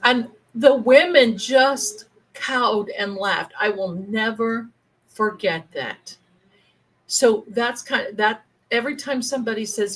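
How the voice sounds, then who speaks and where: A middle-aged woman hosting a livestream, telling a family story in a chatty, animated way and acting out the relatives she quotes. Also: on the high side, takes it slowly, low-quality recording. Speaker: livestream host, tarot reader.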